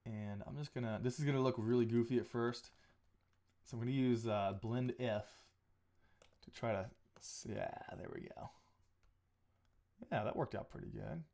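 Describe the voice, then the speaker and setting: A man with a mid-pitched voice chats casually on a live stream as he edits his photos. He thinks aloud, restarts his sentences and drifts into small asides. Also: moderate pace, pauses often, mellow. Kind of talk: casual live-stream talk while editing. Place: home photo studio.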